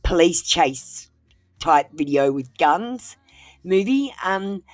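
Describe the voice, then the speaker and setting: A woman's voice: lowish voice, lively intonation, slow pace, darkish tone. A woman giving frank, casual advice on a tarot livestream while feeling unwell, swearing freely and dropping in many fillers.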